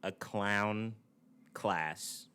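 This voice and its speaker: A man's voice: fairly low pitch, very slow, sharp tone, slight background noise. A young man in his twenties, co-hosting a podcast in casual, profane, laughing banter. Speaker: podcast co-host.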